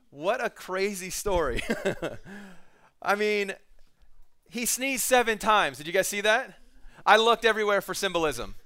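Bright, clear-voiced male preacher. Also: high voice, lively intonation, slow, pauses often, no echo, clean studio sound. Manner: conversational, jokey asides, laughs between readings. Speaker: pastor. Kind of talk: sermon with scripture reading.

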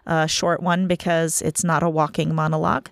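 A woman's voice: sits low, flat delivery, moderate pace, gravelly, no echo, studio quality. A woman in her thirties hosting a casual solo podcast, chatting in a rambling, self-deprecating way while tired from lack of sleep. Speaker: podcast host.

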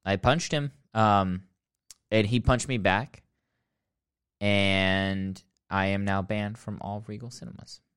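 A man's voice: fairly low pitch, steady tone, slow, a bit bright, smooth. A man hosting a podcast, delivering a mock-serious, sarcastic comedic rant that rambles and breaks into sudden outbursts. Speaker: podcast host ranking films.

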